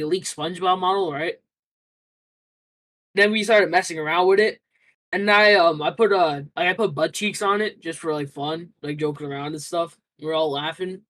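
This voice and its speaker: A man's voice: high-pitched, a bit bright, low-quality recording. A young man answering interview questions casually, rambling through a story with lots of fillers and restarts.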